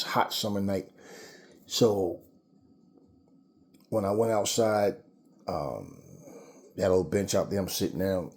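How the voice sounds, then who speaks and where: A man's voice: on the low side, dark tone. A man giving a blunt, profane, angry rant to the camera, repeating words when heated. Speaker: commentator.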